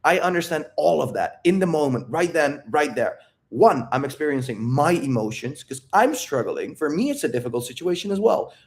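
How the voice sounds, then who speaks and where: A man's voice: fairly high pitch, big pitch swings, moderate pace, a little mellow. A man coaching on relationships, emphatic and blunt, cursing freely and checking in with his listeners as he acts out scenes. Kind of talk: coaching monologue with role-play.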